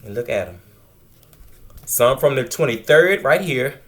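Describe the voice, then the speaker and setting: A man's voice: medium pitch, lively intonation, a little slow, fairly bright tone. A man hosting a casual gardening vlog indoors at a table of seedlings, talking to viewers in an enthusiastic, chatty way. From Virginia, USA. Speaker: gardening channel host. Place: indoors at a table of seedlings under grow lights.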